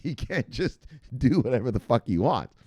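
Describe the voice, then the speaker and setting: A man's voice: medium pitch, very animated, normal speed, a little mellow, no echo, clean studio sound. A man hosting casual crypto news commentary, reading headlines aloud and rambling off into laughing, profane asides.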